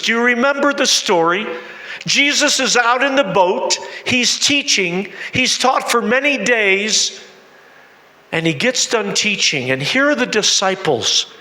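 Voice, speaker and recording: A man's voice: high voice, bright, forceful tone, echoey room, in a large hall. A man missionary preaching a sermon, telling a story dramatically and asking the congregation questions. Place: church.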